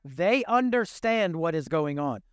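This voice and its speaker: A man's voice: a little high, unhurried, smooth, no room sound, studio quality. An older man, a grandfather and pastor, preaching a sermon in a conversational, joking way. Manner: conversational, jokey, animated preaching.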